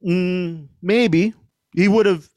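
A man's voice: high voice, drawn-out words, darkish tone, no echo. A middle-aged man, a podcast guest, telling a story casually with lots of fillers and swearing. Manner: rambling, profane, lots of fillers.

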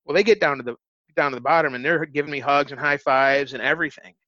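A man's voice: fairly high pitch, fast talker, bright, forceful tone, no echo. A man, an interview guest, telling a story in casual, earnest talk, often restarting his phrases. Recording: dull, dry lo-fi recording.

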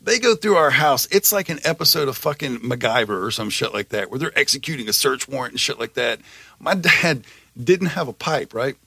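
A man's voice: mid-range voice, animated, brisk, vocal fry, sharp tone, slightly rough, no room sound. A man from Georgia hosting a podcast, telling a rambling, profane story in casual chat. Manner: rambling, profane, lots of fillers. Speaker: podcast host.

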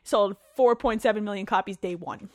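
A woman's voice: mid-range voice, a little fast, a little mellow, no echo, clean studio sound. A woman co-hosting a podcast, chatting casually about gaming news in a joking, sarcastic way and swearing freely. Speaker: podcast co-host.

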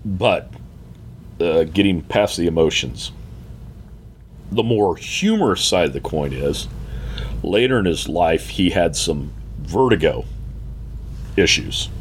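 A middle-aged man sitting at a table, reflectively telling a family story in a halting, heartfelt way with many fillers and restarts. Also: sits low, lively intonation, a little hiss or hum. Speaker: guest. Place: seated at a table indoors.

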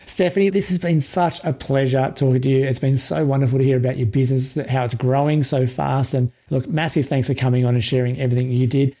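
A man's voice: medium pitch, fairly even intonation, fast talker, hardly any pauses, mellow. A man hosting a podcast interview, upbeat and effusive as he thanks his guest. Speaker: podcast host.

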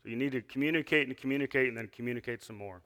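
A man's voice: medium pitch, racing, bright, forceful tone. A man giving an earnest sermon, reading scripture and asking the listeners questions, with frequent restarts. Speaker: lay preacher.

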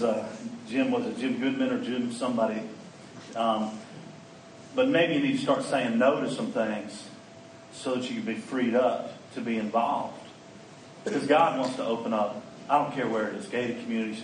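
A middle-aged man giving a folksy, animated talk at a conference, acting out bits of dialogue. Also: mid-range voice, moderate pace, slight background noise. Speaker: conference speaker. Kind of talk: preaching talk. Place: conference hall. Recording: echoey room, mic at a distance.

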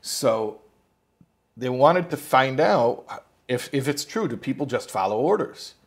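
Husky man teaching in a loose storytelling way. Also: mid-range voice, unhurried. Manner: animated storytelling, acts out quotes; rambling with restarts and asides. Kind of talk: informal spoken lesson.

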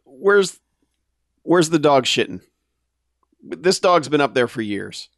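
A man's voice: on the high side, big pitch swings, slow, creaky, fairly bright tone, no room sound, studio quality. A man co-hosting a casual podcast, adding wry, jokey asides to a movie recap. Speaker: podcast co-host.

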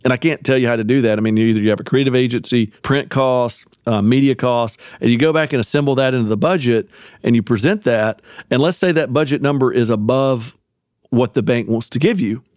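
A man's voice: mid-range voice, brisk, a little mellow, no room sound, clean studio sound. A man co-hosting a marketing podcast, talking casually and explaining business advice at length. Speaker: podcast co-host. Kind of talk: casual chat.

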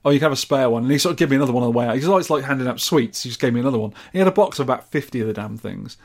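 Chatty uk guy rambling happily about gadgets, mid-pitched voice. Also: expressive, racing, vocal fry. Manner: chatty and enthusiastic, rambling with restarts. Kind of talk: casual chat.

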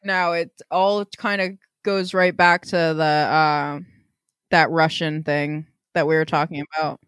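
A woman co-hosting a podcast in casual chat, teasing with deadpan jokes. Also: deep voice, unhurried, smooth, dry recording, clean studio sound. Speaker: podcast co-host.

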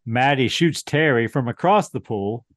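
A man's voice: medium pitch, expressive, moderate pace, dry recording. A man co-hosting a podcast, casually retelling a film's plot in a dry, wry way. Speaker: podcast co-host. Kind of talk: casual movie recap chat.

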